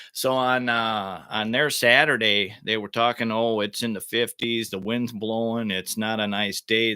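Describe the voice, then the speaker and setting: A man's voice: on the low side, pushed and bright, no room sound. A middle-aged man, a little under the weather, talking casually and rambling to his golf vlog audience in an offhand, self-deprecating way. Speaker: golf vlogger. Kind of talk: casual rambling monologue to camera.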